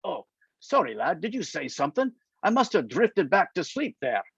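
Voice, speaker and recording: Gruff, teasing older man, read by a male author, lively and slightly high, dry sound. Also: normal speed, dry recording, dull audio, full character voice. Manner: dry, mocking. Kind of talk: reading aloud from a novel.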